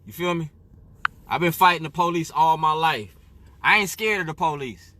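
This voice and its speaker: A man's voice: a little high, normal speed, pushed and bright. A man from Illinois speaking straight to camera in an emphatic monologue. He keeps asking "you feel me?". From Waukegan area, Illinois, US. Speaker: activist.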